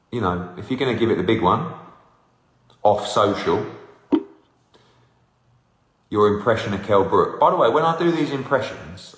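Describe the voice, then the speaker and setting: A man in his forties, hosting a live Q&A and teasing fans as he reads out their comments. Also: fairly low pitch. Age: 40s. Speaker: host answering fan questions. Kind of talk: live casual Q&A. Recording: roomy with long reverb.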